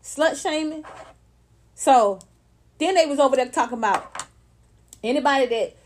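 A woman's voice: high voice, moderate pace. Blunt, profane woman ranting. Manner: blunt, profane, animated, mocks others in put-on voices. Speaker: online talk host. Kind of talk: casual ranting commentary.

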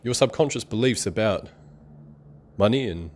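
Rambling low-voiced man. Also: lively intonation. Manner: rambling, conversational, sarcastic, quick to laugh. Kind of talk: motivational monologue.

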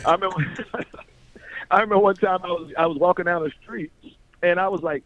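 A man's voice: sits high, fast, a bit bright. A man from North Carolina telling his life story in casual talk, acting out voices in the stories, repeating words and laughing often. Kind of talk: animated storytelling chat. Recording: tinny phone-like radio sound.

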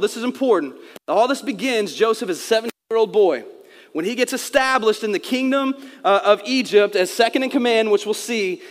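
A man's voice: high voice, long reverb tail. A man preaching a sermon, explaining scripture in a conversational way and acting out quotes. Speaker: pastor.

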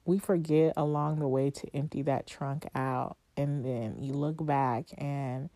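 Slow, low-voiced woman musing aloud. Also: fairly even intonation, dark tone, no room sound. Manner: heartfelt, conversational, with long pauses and rhetorical questions. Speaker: podcast host. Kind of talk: reflective solo podcast monologue.

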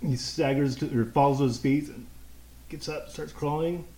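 A man narrating as game master for a tabletop game, in a chatty, halting way with fillers and restarts. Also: a little high, fairly even intonation, dark tone. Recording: roomy room.

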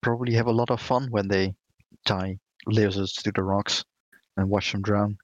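A man's voice: fairly low pitch, steady tone, moderate pace, no echo, highs cut off. A man playing a tabletop game, chiming in with wry, joking asides. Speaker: player.

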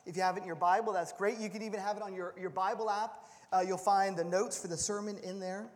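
A man preaching a sermon as pastor of a church, playful and animated, often repeating words as he restarts a thought. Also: high-pitched, fast. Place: church sanctuary. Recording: long hall reverb.

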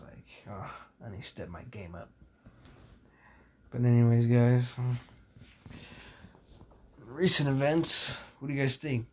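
A man's voice: mid-range voice, darkish tone, a little hiss or hum. A young man hosting a casual podcast, talking in a blunt, rambling and profane way, full of fillers, with a sore voice. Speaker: podcast host.

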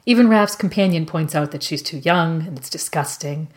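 Low-voiced woman analysing a book. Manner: measured, thoughtful, with some fillers. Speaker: podcast co-host.

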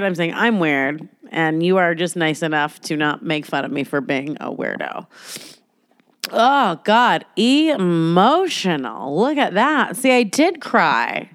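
A woman's voice: on the low side, big pitch swings, slow pace, no echo, clean studio sound. A young adult woman hosting a podcast, talking in a candid, rambling, emotional way and swearing freely. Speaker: podcast host. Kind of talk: confessional casual monologue.

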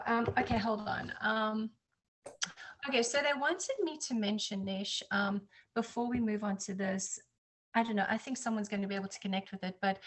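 A woman talks through a personal story in a casual interview chat. She is animated, often slipping into higher, louder voices when she quotes others. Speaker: psychic reader, guest.

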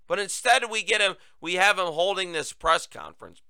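Sarcastic male talk host, a bit high, crisp smooth voice, dry studio sound. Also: normal speed, bright, forceful tone, no room sound. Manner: sarcastic, emphatic, mocking. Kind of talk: political commentary.

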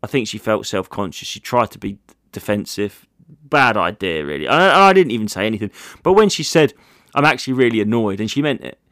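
A man's voice: on the low side, lively intonation, a little fast, a bit bright, dry recording, clean studio sound. A man, a comedian hosting a casual solo podcast, rambling through jokey stories with plenty of swearing.

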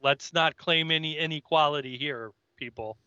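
A man in casual podcast chat, retelling a scene and slipping into the characters' lines. His voice is bright and crisp, recorded dry and close. The sound is slightly dull and lo-fi. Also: on the high side, normal speed, no room sound. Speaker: podcast co-host.

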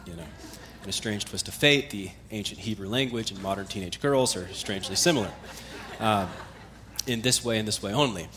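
A man's voice: mid-range voice, a little fast, a bit bright, slight background noise. Conversational male pastor preaching. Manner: conversational preaching with fillers and emphatic repetition. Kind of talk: sermon.

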